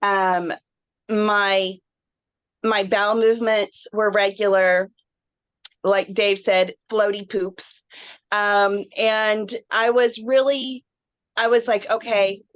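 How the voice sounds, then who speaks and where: Woman, emotional testimonial, unhurried, dull lo-fi video call sound. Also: medium pitch, flat delivery, no room sound. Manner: earnest, emotional, rambling with frequent "like". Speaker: webinar guest sharing a health story. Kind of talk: candid personal testimonial. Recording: dull, muffled online call audio.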